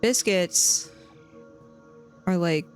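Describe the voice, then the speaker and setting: A woman's voice: fairly low pitch, very slow. Woman, gaming streamer, loose rambling chat to viewers; faint game music in the background. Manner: rambling, chatty, restarts often. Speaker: live streamer.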